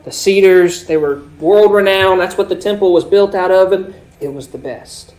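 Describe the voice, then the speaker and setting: A man's voice: sits high, normal speed. Preaching man with dynamic swells. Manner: explanatory preaching, dynamic swells and drops in loudness. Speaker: pastor. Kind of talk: sermon.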